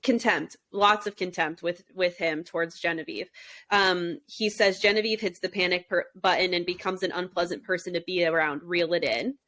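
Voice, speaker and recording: A woman's voice: lowish voice, steady tone, moderate pace, fairly bright tone. A young adult woman co-hosting a podcast, talking casually and emphatically, swearing and acting out quotes. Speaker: podcast co-host. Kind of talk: casual chat.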